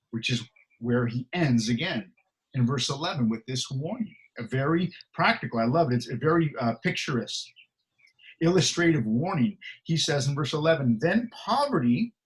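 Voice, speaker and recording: A man's voice: medium pitch, rough recording. A middle-aged male pastor giving a conversational sermon, earnest and emphatic, with frequent fillers and restarts.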